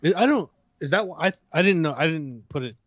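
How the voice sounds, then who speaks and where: A man's voice: a little high, expressive, no room sound. Hesitant married man, dull lo-fi mic. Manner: hesitant, stammers, measured. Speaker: podcast co-host. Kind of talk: casual film discussion.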